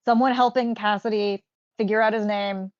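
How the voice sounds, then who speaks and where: A woman hosting a casual chat, thinking aloud with many fillers and restarts. Her voice comes through dull and dry, like a voice call with muffled highs and no room sound. Her pitch sits in a middling range. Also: fairly even intonation, normal speed, no room sound. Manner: rambling, lots of fillers and restarts. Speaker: host. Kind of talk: casual chat about game lore.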